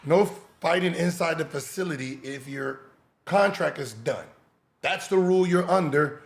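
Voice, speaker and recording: A man hosting a podcast, reacting to clips with mocking sarcasm, shouting and laughing. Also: on the high side, normal speed, echoey room. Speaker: podcast host.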